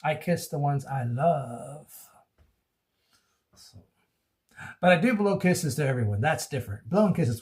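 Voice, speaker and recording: Slow, goofy rambling man. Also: on the high side, sing-song, darkish tone. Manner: goofy, rambling, laughs a lot. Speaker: vlogger. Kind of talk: casual rambling monologue to camera. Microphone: phone.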